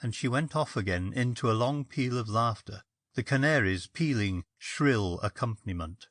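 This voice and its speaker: Expressive man narrating a ghost story. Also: medium pitch, normal speed, no echo, clean studio sound. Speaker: story reader.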